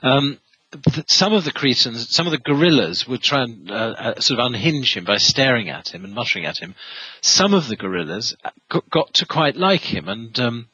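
A man's voice: medium pitch, animated, normal speed, bright, forceful tone, husky, dry recording, dull audio. A man answers an interview question, telling a long story with frequent fillers and restarts. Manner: rambling, many restarts and fillers. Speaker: historian guest.

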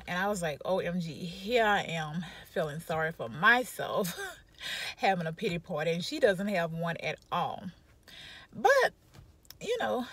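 A woman chatting casually to her viewers from her car, rambling through a story and saying y'all a lot. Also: fairly low pitch. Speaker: vlogger. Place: parked car.

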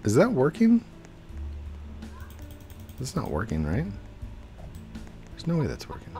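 A young man giving chatty, excitable live commentary while he plays a game, breaking into baby talk with his in-game dog. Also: medium pitch, slow, faint music behind. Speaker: gaming streamer. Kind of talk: casual live gameplay commentary. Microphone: desk mic with webcam.

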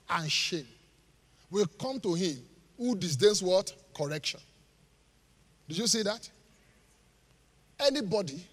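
A man preaching a live sermon in church, joking with the congregation and pausing for it to finish Bible verses. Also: sits high, slightly rough. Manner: call-and-response, leaves gaps for the congregation to finish verses; jokes and laughs with the congregation. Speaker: pastor. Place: church auditorium. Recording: live church hall reverb.

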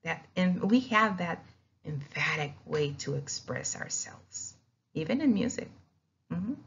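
A woman's voice: on the low side, lively intonation, measured pace. A woman teaching a lesson on Spanish vowels, explaining patiently and sounding out each vowel, with Spanish as her first language. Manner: explanatory, repeats words, demonstrates vowel sounds. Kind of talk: recorded classroom lesson. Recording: dull lo-fi recording.

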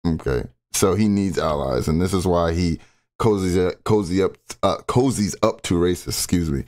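A man's voice: deep voice, moderate pace, darkish tone. A man doing casual, profane live-stream commentary on clips, rambling between remarks. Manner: profane, rambling, frequent laughter.

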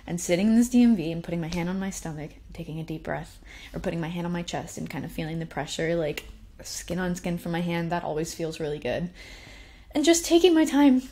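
A young woman shares a story from her own life in relaxed, spoken storytelling. Her voice sits a little low, and she talks with animated, self-deprecating humor, often breaking into laughs. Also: fast talker. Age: young adult. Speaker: speaker sharing personal stories. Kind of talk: casual storytelling talk.

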